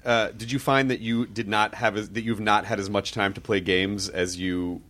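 A man from the United States hosting a casual interview, telling stories in an animated way and laughing often. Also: lowish voice, normal speed. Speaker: podcast host.

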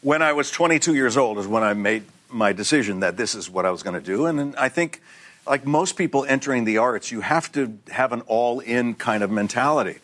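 A man in his sixties, a guest actor on a talk show, telling anecdotes in a relaxed way. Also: medium pitch, a little fast. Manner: relaxed storyteller, acts out voices in anecdotes. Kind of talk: anecdotal interview chat. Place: TV studio with live audience.

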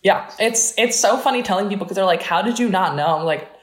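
A young woman from New Jersey, an Olympic fencer, telling stories fast and animatedly in a casual interview, full of "like" and laughs. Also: mid-range voice. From New Jersey, USA. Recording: roomy echo.

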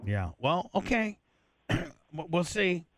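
A man's voice: high voice, very animated, takes it slowly, no room sound. A man hosting an uncensored radio show, talking loose, profane and joking. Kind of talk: casual uncensored radio banter.

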